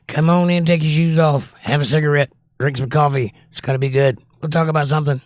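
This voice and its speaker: A man's voice: a little high, fairly even intonation, fast talker, no echo, studio quality. A man hosting a casual livestream, joking and greeting viewers with upbeat energy as he reads their chat comments. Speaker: livestream show host.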